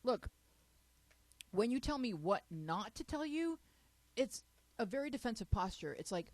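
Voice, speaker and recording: A woman's voice: a little high, big pitch swings, a little slow, long pauses, a little mellow, no echo. A woman hosting a casual panel chat show, playful, laughing often and reading listener letters aloud. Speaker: host.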